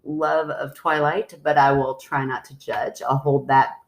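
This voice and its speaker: A woman's voice: extremely low pitch, little pitch movement, measured pace. A woman co-hosting a podcast as the skeptic, chatting casually in a blunt, teasing way.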